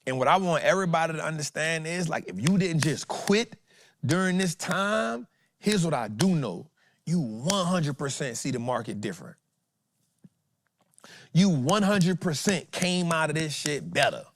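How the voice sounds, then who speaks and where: Animated slangy man, higher voice. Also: normal speed, slight background noise. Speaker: podcast host, trading educator. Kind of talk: motivational casual talk.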